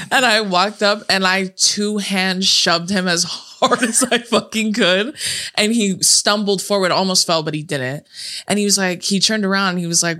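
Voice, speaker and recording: A young woman telling a story in casual chat, animated, swearing freely and laughing often. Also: mid-range voice.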